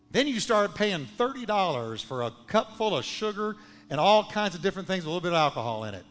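A pastor preaching a sermon in a church, swinging between loud, ringing calls and hushed, low lines. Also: male voice, sing-song, fairly quick. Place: church sanctuary. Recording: long hall reverb with faint music.

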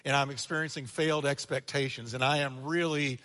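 Bright-voiced preacher in a reverberant church. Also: male voice, medium pitch, brisk. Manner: energetic preaching with sudden drops to quiet, acted-out quotes. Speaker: pastor. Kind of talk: sermon. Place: church sanctuary.

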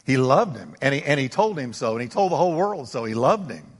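An older male pastor delivering a sermon, swinging between emphatic raised exclamations and quiet, intimate asides. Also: medium pitch, big pitch swings, fast, in a large hall. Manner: preaching with rising emphatic exclamations.

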